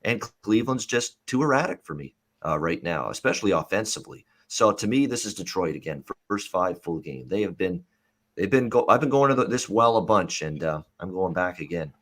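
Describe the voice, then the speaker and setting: Low-voiced man hosting a rambling betting show. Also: expressive, fairly quick, fairly bright tone. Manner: rambling, filler-heavy, reads viewer comments. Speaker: host. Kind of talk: live sports betting talk show.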